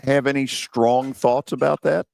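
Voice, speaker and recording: A man's voice: medium pitch, unhurried, vocal fry, no echo, studio quality. A man hosting a sports radio show, teasing his panel and running the banter. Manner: animated, teasing, drives the banter. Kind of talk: casual sports talk.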